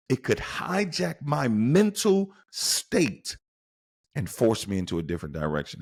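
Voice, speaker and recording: Hosting a motivational podcast, a man with a lowish voice speaks emphatically, his pitch swinging widely as he presses on key words. He repeatedly puts rhetorical questions straight to the listener.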